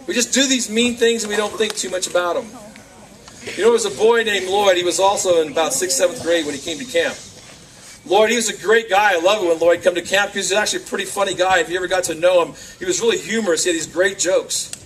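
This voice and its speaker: A man's voice: high voice, quick pace. A man giving a youth talk to kids at a camp, telling stories and acting out voices. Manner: animated storyteller acting out voices. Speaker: camp speaker. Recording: distant camcorder mic with faint room noise.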